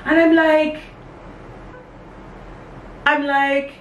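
A woman's voice: drawn-out words, muffled recording. A young woman telling a casual story on camera, acting out every quote with big jumps in her voice. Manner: animated, acts out quotes with big pitch jumps. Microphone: camera on a tripod. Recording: echoey room with faint background hum.

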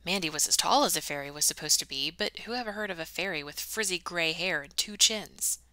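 A woman's voice: fairly low pitch, a little fast, pushed and bright, dry recording. A woman reading a novel aloud, with casual, self-deprecating asides between chapters. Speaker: audiobook reader.

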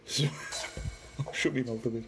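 A man's voice: mid-range voice, fairly even intonation, slow, creaky, heavy background noise. Geordie man hosting a livestream. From Newcastle, northeast England. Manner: chatty, reads viewer comments aloud, talks to a spirit box. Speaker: paranormal livestream host. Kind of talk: casual livestream chat.

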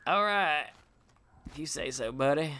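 A man playing through a game while commenting, chatty and excitable, yelping and laughing when things surprise him. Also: on the high side, a little slow, a little hiss or hum. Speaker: gamer. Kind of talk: let's play commentary.

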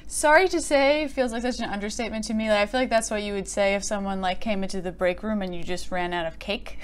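A woman giving a casual poetry critique, chatty and amused, often filling pauses with "like.". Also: mid-range voice, animated. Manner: chatty, frequent "like" fillers, amused. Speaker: poet and video host.

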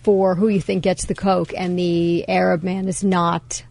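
A woman co-hosting a radio show from the studio, easygoing and chatty. Her voice sits low and has a gravelly fry to it. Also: flat delivery, a little slow, a little mellow. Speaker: radio co-host. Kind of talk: casual radio banter.

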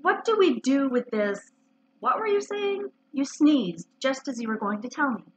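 Humble little bear guy, slow and earnest, high bright voice as a lady reader puts him on, dull lo-fi sound. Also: sing-song, slight background noise. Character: humble simple-minded male toy bear. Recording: dull lo-fi recording.

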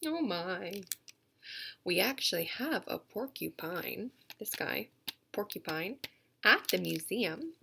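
A woman, a museum educator, reading a picture book aloud to young English learners, animated and repetitive, sometimes dropping to a soft whisper. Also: medium pitch, takes it slowly, gravelly, pauses often, a little hiss or hum.

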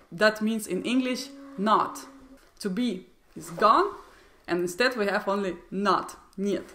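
A woman's voice: mid-range voice, a bit bright, a little hiss or hum. A woman with a Russian accent, a native Russian speaker, teaching a language lesson and carefully repeating example phrases. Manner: slow, deliberate repetition of example phrases.

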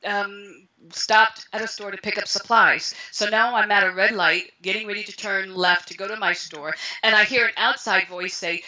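A woman guest speaks with a very bright, forceful tone, telling her stories with animated, playful energy and acting out the voices in them. The sound is slightly dull and lo-fi. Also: medium pitch, moderate pace, hardly any pauses. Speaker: interview guest, spiritual teacher. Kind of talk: conversational storytelling.

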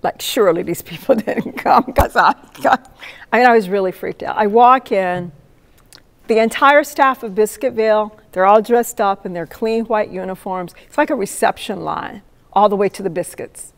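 A woman in her seventies, a poet laureate, telling a lively story to an audience and acting out the voices of the people in it. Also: mid-range voice, normal speed. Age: 70s. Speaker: poet laureate giving a talk. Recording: long reverb of a hall.

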